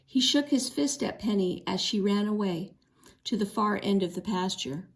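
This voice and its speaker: A woman reading a children's book chapter aloud, expressive, with a few small slips. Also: medium pitch, moderate pace. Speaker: read-aloud narrator. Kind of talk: storybook read-aloud.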